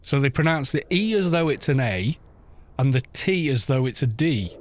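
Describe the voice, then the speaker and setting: A man's voice: medium pitch, animated, moderate pace. A man chatting casually while streaming a game, musing aloud with plenty of fillers.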